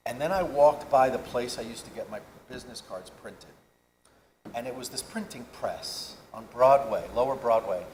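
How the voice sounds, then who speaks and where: A man in his fifties spins animated, wandering anecdotes as a panel guest at a convention. His voice carries an echo from a large hall, with a faint murmur of ambience behind it. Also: mid-range voice, normal speed, a little hiss or hum. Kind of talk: storytelling on stage.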